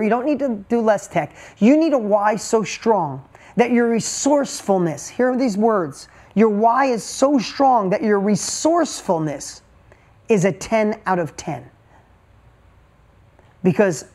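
A man's voice: high-pitched, darkish tone. A middle-aged man giving a motivational talk, telling a story and repeating key points with emphasis. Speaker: motivational speaker.

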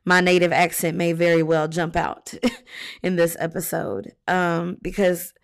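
Woman podcast host, slightly low voice, tired, frank and reflective, unhurried with pauses. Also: flat delivery, vocal fry. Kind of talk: candid podcast monologue.

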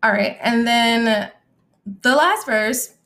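A woman's voice: fairly high pitch, slow, creaky, a bit bright. A young adult woman hosting a casual live-audio podcast, talking bluntly and candidly and reacting to comments from the chat. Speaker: podcast host and musician.

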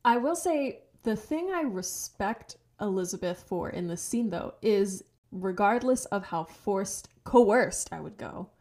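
A woman's voice: mid-range voice, lively intonation, unhurried, few pauses, darkish tone. A young adult woman co-hosting a podcast, giving blunt, emphatic opinions in casual chat. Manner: blunt, emphatic opinions with frequent agreeing interjections. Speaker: podcast co-host. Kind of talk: casual movie recap chat.

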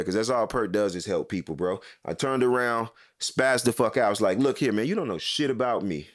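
A man in casual podcast chat. He tells stories with lots of swearing, repeats himself and restarts his sentences. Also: lowish voice. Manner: animated storyteller, swears freely, repeats and restarts.

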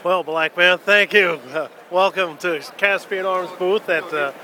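A man's voice: high-pitched, fairly even intonation, unhurried, bright, forceful tone. A man welcoming an interviewer to his company's trade show booth and explaining the products steadily. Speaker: company representative. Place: busy trade show floor.

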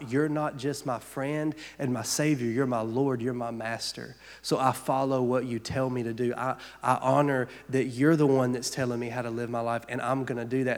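A man's voice: mid-range voice, big-room sound. A man preaching a sermon as pastor, earnest and conversational, building points with repeated phrases.

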